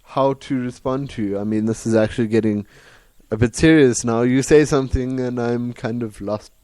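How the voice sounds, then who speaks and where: A man's voice: medium pitch, steady tone, normal speed, mellow, no echo. A man from Africa, co-hosting a jokey podcast in a wry, teasing way. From South Africa. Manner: wry, teasing, laughs often. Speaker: podcast co-host.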